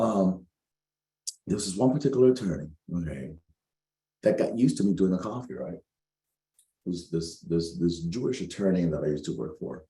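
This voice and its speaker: A middle-aged man, a spiritual coach, giving a tarot reading with animated, preachy storytelling and calling listeners baby. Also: sits low, moderate pace. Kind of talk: casual tarot reading monologue. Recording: echoey room.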